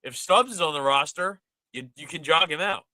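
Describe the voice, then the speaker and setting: A man's voice: on the high side, moderate pace, sharp tone, no room sound, rough recording. A man hosting a casual sports podcast, ranting animatedly with exasperation. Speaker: podcast host.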